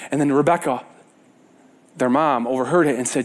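A man preaching a casual sermon, retelling a Bible story with lively repetition and sudden drops from loud to hushed. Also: mid-range voice, a little fast. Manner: animated storyteller, repeats words for emphasis, swings between loud and hushed; casual and conversational, with fillers and self-corrections.

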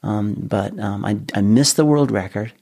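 A middle-aged man telling his story in a casual interview, animated, often restarting and repeating his words. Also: on the low side, normal speed, creaky. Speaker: guest.

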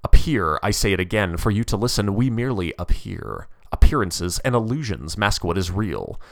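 A man voicing the spirit of an ancient male philosopher who speaks in a measured, solemn, lecturing way. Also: lowish voice, very animated, vocal fry, no echo, studio quality. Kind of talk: dramatic reading of a story.

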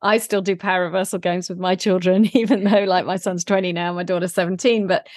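A woman's voice: lowish voice, steady tone, a little fast, a little mellow. A middle-aged woman co-hosting a parenting podcast, talking enthusiastically and laughing between words. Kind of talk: casual conversational podcast chat.

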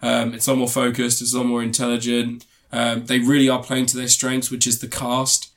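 A man's voice: mid-range voice, monotone, a little fast. A man casually reviewing a TV series in a podcast chat, rambling with many ums and restarts.

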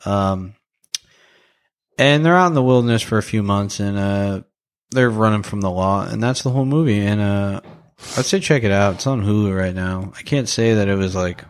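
This young man's smooth voice sits on the low side and moves at normal speed. Co-hosting a podcast, he casually reviews a movie he watched, meandering with fillers, restarts and laughs.

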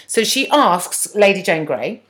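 A woman's voice: medium pitch, big pitch swings, measured pace, slight background noise. A woman co-hosting a podcast, chatting and mocking as she recaps a TV episode and acts out lines. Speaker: podcast co-host. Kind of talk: casual chat recapping a TV episode.

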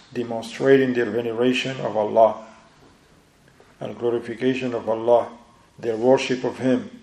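In an echoey room, a man with a slightly mellow mid-range voice and some vocal fry leads a religious lesson on a book. Speaking non-native English sprinkled with Arabic phrases, he walks through the material step by step and checks in with those listening.

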